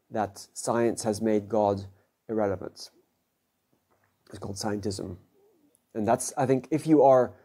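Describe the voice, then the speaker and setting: A man's voice: medium pitch, dark tone. A man, a physics professor, giving a conversational public lecture to a live audience and often checking in with listeners. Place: event hall before an audience.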